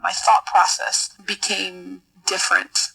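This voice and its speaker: A middle-aged woman guest telling a personal story in an interview, earnest and halting, often repeating words as she searches for them. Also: mid-range voice, level tone, creaky, bright, forceful tone, husky, poor audio. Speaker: podcast guest, military officer.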